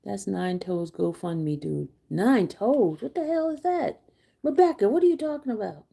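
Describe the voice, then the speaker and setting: A woman's voice: mid-range voice, animated, moderate pace, creaky, dark tone. A woman co-hosting a casual livestream, blunt and teasing as she talks back to the chat.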